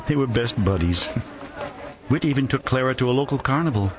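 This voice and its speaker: A man's voice: mid-range voice, animated, normal speed, lightly acted. A middle-aged man who narrates a radio drama and plays the head of an orphanage, telling the story in a thoughtful way and chuckling fondly.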